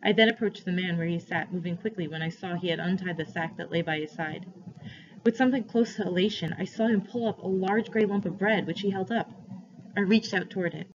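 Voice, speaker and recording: A woman teacher reading a novel aloud to students, with steady, expressive narration, in a dull lo-fi recording. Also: lowish voice, brisk, a little hiss or hum.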